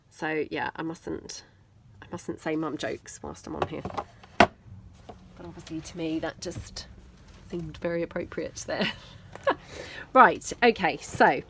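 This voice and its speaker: A British woman with a deep, creaky voice talks slowly while working on a mixed media craft video, over a noisy background. She hosts a casual crafting tutorial, chatting away and poking fun at herself as she thinks out loud.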